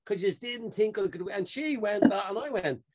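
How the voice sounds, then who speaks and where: A man co-hosting a casual podcast, chatting with friends and telling animated stories, laughing often and acting out what others said. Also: sits high, moderate pace. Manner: animated storyteller, laughs often, acts out quotes. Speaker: podcast co-host. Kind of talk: casual banter among friends.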